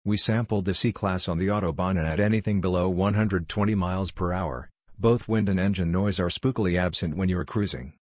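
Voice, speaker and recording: Male voice-over, low register, steady scripted delivery, dry close sound. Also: fairly quick, hardly any pauses, no room sound. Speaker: car reviewer.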